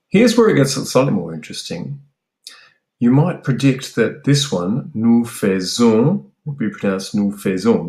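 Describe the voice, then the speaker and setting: Australian male tutor, low voice, casual lesson delivery, roomy sound. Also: a little mellow. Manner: explains plainly, slows down for French words. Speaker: French teacher.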